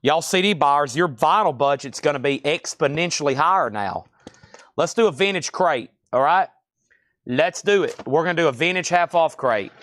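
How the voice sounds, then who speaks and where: A man hosting a live-streamed record sale, chatting to buyers by name and pitching albums. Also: lively intonation, moderate pace, a bit bright. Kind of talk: live-stream sales patter.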